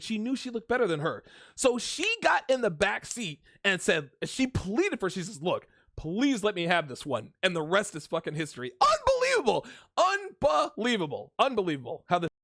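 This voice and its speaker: A man with a fairly high, very lively voice talks straight to the camera from a solo home setup. He swears freely and restarts his sentences often. The sound is dry and close. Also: no room sound. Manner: animated and profane, with frequent restarts. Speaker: host of a commentary channel. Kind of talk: casual storytelling and commentary monologue. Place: solo home studio with a fan nearby.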